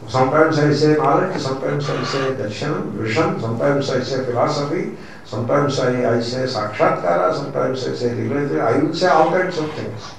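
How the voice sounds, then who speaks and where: A man's voice: mid-range voice, brisk, vocal fry. A man with an Indian accent, a swami teaching scripture in a lecture, stressing points by repeating them and using Sanskrit terms. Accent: Indian English. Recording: very echoey room, mic far off, faint noise.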